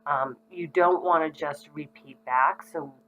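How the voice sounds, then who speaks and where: In an unhurried, deep voice, a middle-aged parenting educator talks parents through advice in a relaxed, chatty way, often saying um. The audio has its highs cut off, and faint music plays in the background.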